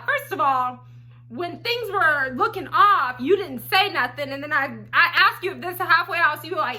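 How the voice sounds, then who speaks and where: A woman telling a personal story on her vlog in a blunt, profane, animated way. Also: extremely high pitch, moderate pace. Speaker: storytelling vlogger. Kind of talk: casual storytime.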